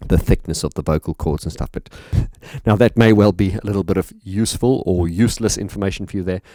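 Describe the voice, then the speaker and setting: A man's voice: low voice, fairly quick, no room sound, studio quality. A man analysing a song as a music teacher, talking thoughtfully and with enthusiasm. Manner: thoughtful, warm enthusiasm, sings short demonstration phrases.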